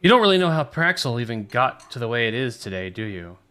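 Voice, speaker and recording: A man's voice: medium pitch, sing-song, fast, bright, forceful tone, clear, resonant tone. A man doing a cool, scornful woman.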